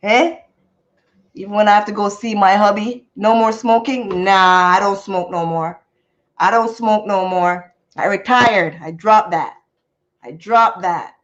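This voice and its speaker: A woman hosting a livestream, telling a story to her chat in an animated, expressive way with sound effects. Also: medium pitch, measured pace, muffled recording. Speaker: livestream host. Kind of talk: casual storytelling to a live chat.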